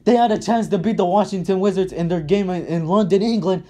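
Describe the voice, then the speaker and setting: In an angry sports rant, a man with a high, mellow voice talks fast, tearing into his basketball team with heated fury, swearing nonstop and saying the same things over and over.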